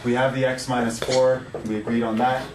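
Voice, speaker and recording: A man's voice: mid-range voice, little pitch movement, a little fast, background noise. A man teaching a math class, playful and upbeat, quizzing his students. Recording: echoey classroom, mic at a distance. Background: students answering.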